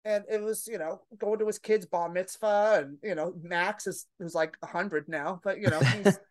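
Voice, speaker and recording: A middle-aged woman comedian spins unfiltered stories in a relaxed podcast conversation. Her voice sits at a middle pitch, recorded close and dry, and she bursts into loud acted-out reactions. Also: moderate pace, no echo. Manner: brash storyteller, loud animated re-enactments. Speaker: comedian guest. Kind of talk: casual podcast chat.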